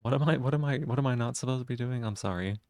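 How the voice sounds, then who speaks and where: A man's voice: medium pitch, very fast, a little mellow, dry recording, studio quality. A man live-streaming, chatting casually with viewers in a teasing way and swearing freely.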